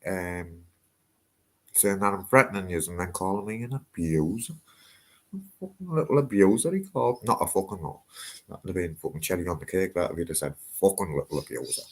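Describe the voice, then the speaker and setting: A man with a Teesside accent, swearing a lot as he chats brashly on a live stream from his loft. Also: lowish voice. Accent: Teesside English. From Northeast England. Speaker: livestream host. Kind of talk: casual live-stream chat. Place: house loft.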